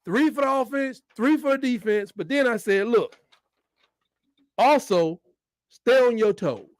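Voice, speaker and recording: Excitable high-voiced man reacting. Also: a little slow, no room sound, clean studio sound. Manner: excitable, swings from shouting to muttering. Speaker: fan watch-along host. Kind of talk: live game reaction commentary.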